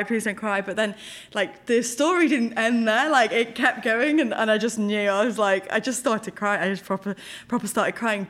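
A woman co-hosting a podcast, chatting casually and telling a story with animated retold quotes and frequent laughter. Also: medium pitch. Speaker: podcast co-host. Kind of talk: casual chat.

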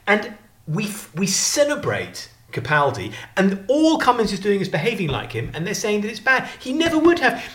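A man co-hosting a podcast, chatting casually, sweary and animated, with lots of restarts. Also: sits high, normal speed. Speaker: podcast co-host. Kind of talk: casual chat.

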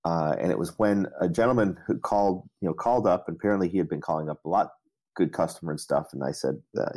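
A man's voice: sits low, fast talker, a little mellow. A middle-aged man, an interview guest, telling stories in a rambling, self-deprecating way and laughing often. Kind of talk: casual storytelling interview.

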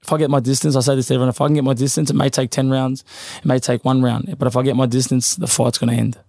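Male boxer, rapid casual speech, dry recording. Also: medium pitch, level tone, vocal fry, a little mellow, no room sound. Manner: rapid, loose, repeats fillers. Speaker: professional boxer, guest. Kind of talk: casual interview chat.

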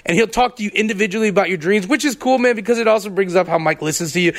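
Fast-talking, gravelly young man. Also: sits high. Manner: fast, animated storyteller. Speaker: podcast co-host. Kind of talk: casual podcast chat.

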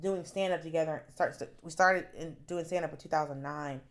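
Lively, chatty woman comedian guest. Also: deep voice, a little fast. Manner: animated, chatty, full of fillers and asides. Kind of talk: casual interview storytelling.

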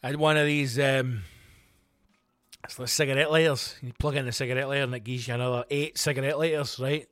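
A middle-aged Scottish man, a comedian hosting his own show, telling rambling, sweary stories in a casual, animated way. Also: mid-range voice, a little fast, dry recording, clean studio sound. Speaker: comedian podcast host. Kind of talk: casual comic storytelling.

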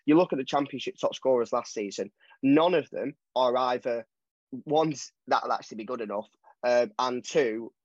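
A man co-hosting a casual football podcast, giving animated, opinionated takes. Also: mid-range voice, dry recording. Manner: animated, opinionated, quick asides. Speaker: podcast co-host. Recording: dull dry lo-fi sound.

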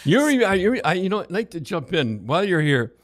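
A man's voice: high-pitched, big pitch swings, fast, dry recording. Older man telling old hockey stories, loose and rambling, dry close sound. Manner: rambling, with false starts. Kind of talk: casual reminiscing.

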